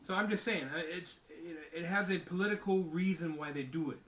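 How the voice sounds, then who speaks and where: A man's voice: on the high side, a little fast, fairly bright tone, roomy sound, distant mic. A man co-hosting a casual discussion, talking emphatically and tagging his points with "okay?" and "you know?". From outside the United States. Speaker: podcast co-host.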